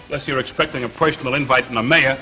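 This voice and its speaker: A man's voice: mid-range voice, steady tone, rapid-fire, soft background music, close to an everyday voice. An actor playing an easily led American workman who talks hesitantly and stammers. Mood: griping. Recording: muffled 1950s television recording.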